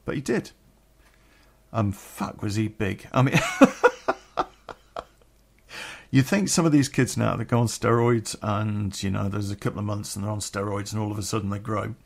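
A man's voice: on the low side, normal speed, gravelly. A middle-aged man telling a personal story on a podcast, candid and rambling, swearing freely.

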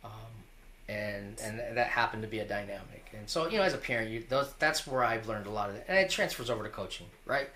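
A man's voice: fairly low pitch, expressive, fairly quick, bright, forceful tone, a little hiss or hum. A middle-aged man, a wrestling coach, telling stories in a candid interview, earnest and loose, often restarting and checking in with "right?".

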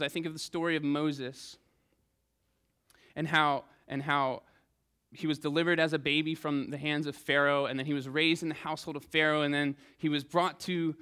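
A man's voice: a little high, a bit bright. A man preaching a Sunday sermon, reading scripture and then talking it through in an earnest, conversational way with frequent restarts.

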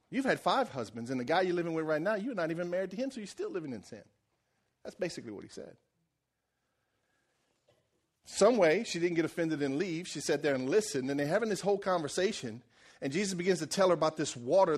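A male pastor preaching a sermon, retelling a Bible story in lively, casual modern language. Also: fairly high pitch.

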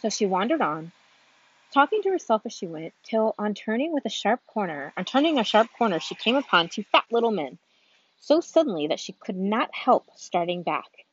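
A woman's voice: medium pitch, sing-song, moderate pace, slightly rough, lo-fi sound. Woman casually reading a storybook aloud. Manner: unpolished, with restarts and asides. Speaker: reader. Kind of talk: reading a children's book aloud. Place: on a street.

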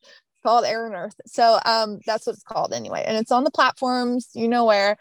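A woman's voice: fairly high pitch, expressive, fairly quick, no echo. A woman with a Southern accent, a guest on a podcast, talking in a bubbly, chatty way full of fillers. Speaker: podcast guest, business coach. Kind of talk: casual interview chat. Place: mountain home.

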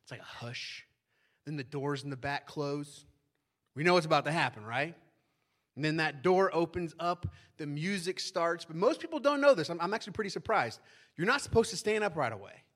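A man preaching a sermon as pastor, talking in a relaxed, conversational way and often checking in with listeners by asking "right?". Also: fairly high pitch, normal speed.

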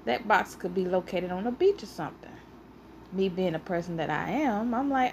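A woman hosting a casual solo podcast, telling stories in an animated, playfully argumentative way and sounding a little out of breath. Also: medium pitch, normal speed, a little hiss or hum. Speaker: podcast host.

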